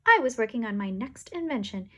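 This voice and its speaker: Lady playing a bubbly grandma teacher, high and lively, always cheering the kids on. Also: fairly quick. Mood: cheerful. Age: older. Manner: bright, encouraging, excited.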